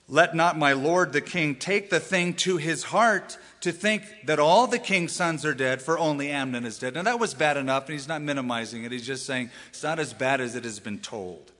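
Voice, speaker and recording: Animated male pastor preaching in a hall. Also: on the high side. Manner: animated, acts out quoted voices. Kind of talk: sermon. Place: church sanctuary.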